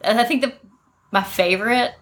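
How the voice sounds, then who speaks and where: Bright-voiced laughing podcast mom. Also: female voice, a little high, normal speed. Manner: laughs often, animated storytelling. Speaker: podcast co-host. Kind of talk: casual chat.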